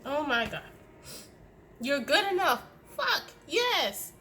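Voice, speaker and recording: A young woman does a casual tarot reading to camera, her high, sing-song voice bright and forceful as she takes it slowly. She swears a lot and tags her tough-love pep talk with constant "okay?" questions. There's slight background noise.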